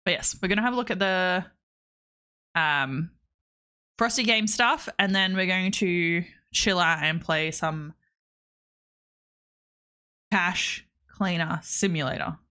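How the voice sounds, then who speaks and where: A woman's voice: on the low side, slow, long pauses, pushed and bright, smooth. Chatty Australian woman streamer. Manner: chatty, rambling, laughs often. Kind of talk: casual livestream chat.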